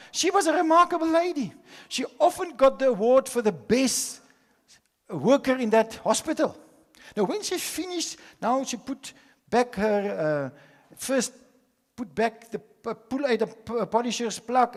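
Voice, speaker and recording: An older man from South Africa giving a dramatic conference talk, swinging from loud storytelling to hushed asides. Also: very high-pitched, lively intonation, moderate pace. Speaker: conference speaker. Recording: hall reverb.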